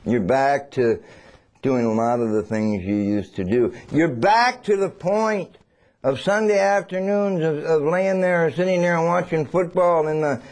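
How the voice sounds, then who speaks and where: A man preaching a sermon. He swings between loud and hushed and acts out little scenes. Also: on the high side, measured pace.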